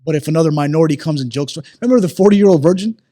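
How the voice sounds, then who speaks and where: Fast-talking man in casual chat. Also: fairly high pitch, animated, dark tone. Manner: quick, agreeable, full of "like" and "right". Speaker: podcast co-host.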